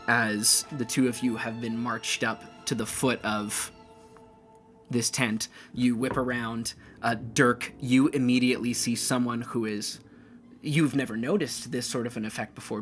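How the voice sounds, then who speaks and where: A man narrating as game master of a tabletop game, talking in a lively way with many fillers. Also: mid-range voice, a little slow, faint music behind.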